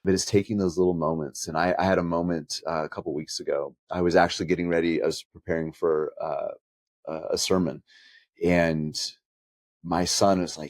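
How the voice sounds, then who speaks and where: Man, podcast co-host, pastor, earnest and reflective, deep voice. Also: steady tone, a little fast, no echo. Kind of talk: conversational podcast chat.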